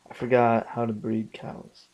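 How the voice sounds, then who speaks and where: A young man narrates his game session at an unhurried pace, muttering under his breath between outbursts. He swears freely and jumps loud when the game surprises him. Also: mid-range voice, monotone, lo-fi sound. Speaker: gaming channel host. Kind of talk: casual let's play commentary.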